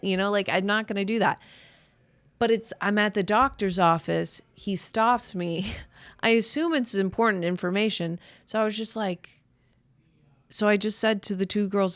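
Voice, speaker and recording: A woman comic in her thirties rambles through a self-deprecating story, peppering it with "like" and quick restarts. Her voice sits at an ordinary middle pitch for a woman, and it is recorded close with a dry sound. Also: a bit bright, dry recording. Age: 30s. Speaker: podcast host, comedian. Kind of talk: casual comedic monologue.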